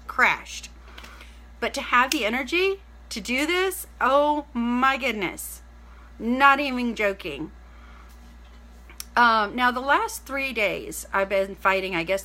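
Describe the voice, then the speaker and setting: Chatty lady vlogging, kinda high bright voice, rambles and keeps saying like and literally. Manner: rambling and excited, heavy use of "like" and "literally"; greets viewers by name mid-story. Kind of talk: casual chat to camera.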